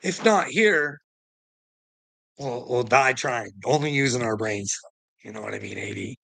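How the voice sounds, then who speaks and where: A man's voice: medium pitch, sing-song, unhurried, gravelly, bright, forceful tone, no room sound, poor audio. A man livestreaming, talking straight to his chat in a rambling, profane, preachy monologue, chuckling now and then.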